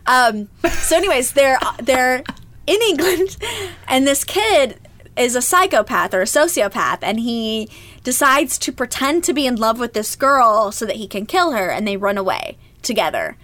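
A woman's voice: fairly high pitch, expressive, normal speed, a bit bright. A woman co-hosting a podcast, chatting casually and enthusiastically and laughing often. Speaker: podcast co-host. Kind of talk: casual chat.

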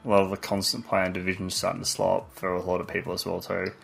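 A man's voice: sits low, completely flat delivery, quick pace, vocal fry, faint music behind. An Australian man co-hosting a podcast, talking about games in a laid-back, candid way, often restarting his sentences. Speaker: podcast co-host. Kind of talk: casual gaming chat.

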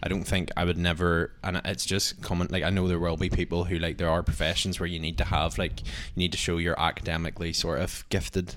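A young man with a very low voice chats on a podcast. He rambles loosely, with "like" in nearly every phrase. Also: little pitch movement, a little fast, hardly any pauses, a bit bright, a little hiss or hum. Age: young adult. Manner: rambling, heavy use of "like". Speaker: podcast co-host. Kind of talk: casual chat.

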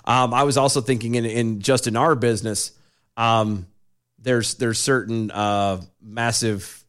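A tired middle-aged man co-hosting a casual podcast, talking haltingly with lots of fillers and restarts. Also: mid-range voice, fairly even intonation, a bit bright, clear, resonant tone. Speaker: podcast co-host. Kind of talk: casual chat.

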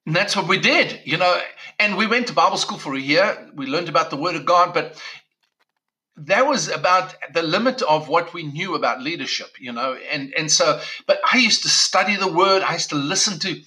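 A man's voice: fairly high pitch, lively intonation, moderate pace, sharp tone, poor audio. A middle-aged man from South Africa, a pastor telling his own story in a conversational way, with many restarts. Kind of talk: personal testimony talk.

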